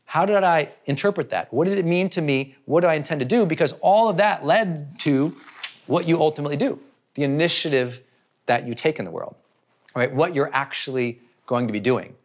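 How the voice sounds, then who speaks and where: Man giving an animated motivational talk. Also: a little high, fairly quick. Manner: animated, acts out inner thoughts in asides. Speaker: self-help speaker.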